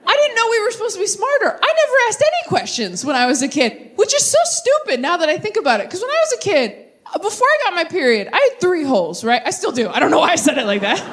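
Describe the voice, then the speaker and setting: A young adult woman doing a stand-up set with crowd work, animated and self-deprecating, with quick asides. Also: very high-pitched. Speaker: stand-up comedian. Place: theater stage with live audience.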